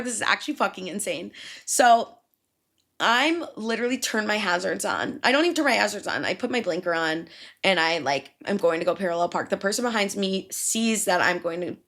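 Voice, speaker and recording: A young woman hosts a podcast on her own, telling casual stories and swearing freely. Her pitch swings all over as she acts out what people said. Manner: animated, swears a lot, acts out quotes. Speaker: podcast host. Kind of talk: solo casual storytelling.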